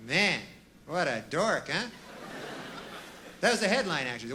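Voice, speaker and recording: Deadpan stand-up comedian, bright voice. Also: male voice, fairly high pitch, a little slow, a little hiss or hum. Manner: deadpan, rambling asides with folksy fillers. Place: comedy stage with a live audience.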